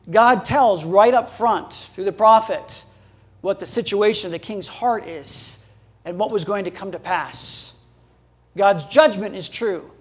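Man, pastor, sermon, high-pitched voice, emphatic, swings up in pitch and volume, chuckles between points.

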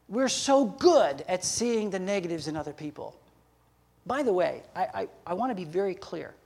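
A man's voice: sits high, lively intonation, normal speed, a bit bright. An older man preaching a sermon as pastor, folksy, with laughing asides and acted-out bits of dialogue.

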